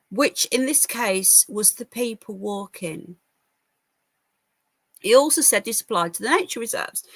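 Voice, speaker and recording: This British woman, weary and yawning, runs a casual live news stream where she shares blunt opinions and reads chat messages. Her mid-range voice is bright and forceful, recorded with no echo.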